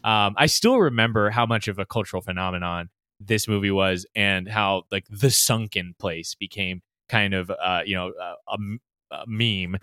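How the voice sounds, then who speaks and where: Bright, crisp man on a dry mic. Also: on the low side, moderate pace, no echo. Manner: enthusiastic, with many fillers. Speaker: podcast co-host or guest. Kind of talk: casual movie discussion.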